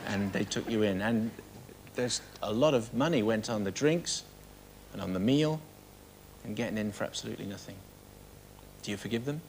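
A man's voice: fairly low pitch, normal speed. An English man hosting a TV game show, questioning guests in a playful, mock-stern way. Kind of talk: teasing studio presenting. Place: TV studio with live audience. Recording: loud studio crowd and noise.

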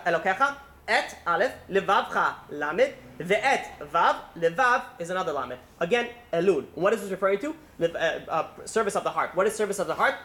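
A man, a rabbi, giving a holiday sermon, telling a story in a quick, rambling way full of restarts and fillers. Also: high voice, a bit bright.

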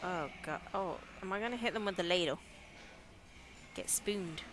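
Talking at a quick pace in a voice on the low side, a young woman with a Midlands accent streams a game over background noise. She chats casually, giggles, and reacts audibly whenever she gets scared.

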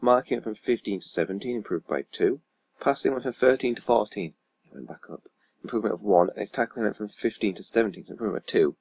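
Gravelly man muttering over gameplay. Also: lowish voice, fast, darkish tone, dry recording. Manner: rambling, swears and mutters asides. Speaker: YouTuber playing a football management game. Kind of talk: casual gameplay commentary.

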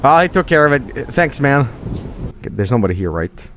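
A man's voice: medium pitch, big pitch swings, fairly quick, fairly bright tone, slight background noise. A man streaming a game, joking around casually and slipping into silly voices. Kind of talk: casual gameplay commentary.

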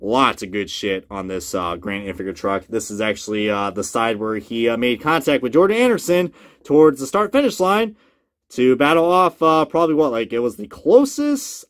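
Animated, casual man reviewing diecast. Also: mid-range voice, no echo, clean studio sound. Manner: chatty, jumps to loud disbelief, swears freely.

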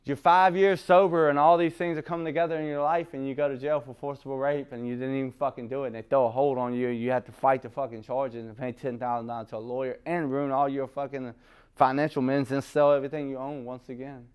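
A man's voice: medium pitch, little pitch movement, quick pace, a little mellow, clean tone. A middle-aged man speaking at a recovery meeting, rambling and blunt, swearing freely and laughing at himself. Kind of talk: profane, blunt recovery talk.

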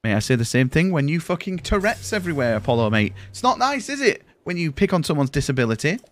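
Excitable man streaming a game. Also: fairly high pitch, quick pace. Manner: excitable, chatty, swears often, thanks viewers. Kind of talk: live gameplay commentary.

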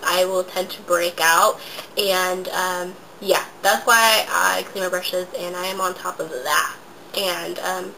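A woman's voice: medium pitch, a bit bright, poor audio. A young woman talks through a makeup tutorial in a loose, chatty way, full of fillers and asides. Her voice sounds nasal and blocked up from a lingering cold. A faint hiss of background noise sits under the recording. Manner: chatty, rambling, many "um" and "like" fillers. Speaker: beauty vlogger.

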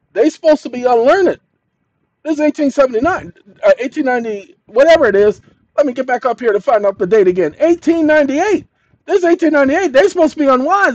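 Animated high-voiced man, dry sound. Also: dry recording, highs cut off. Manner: animated, emphatic, repeats "pay attention". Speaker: channel host. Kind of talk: casual commentary reading documents aloud.

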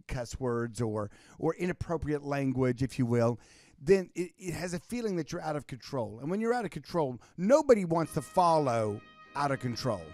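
Brief: male podcast co-host, slightly high voice, animated storyteller, dry close sound. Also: no room sound. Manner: animated storyteller, acts out quoted people. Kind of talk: casual business podcast chat.

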